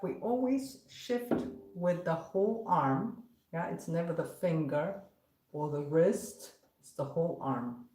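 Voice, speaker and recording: A woman's voice: lowish voice, slow, warm tone, faint music behind. A woman teaching violin in a live-streamed lesson, patiently explaining step by step between passages she plays. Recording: roomy echo, violin playing around speech.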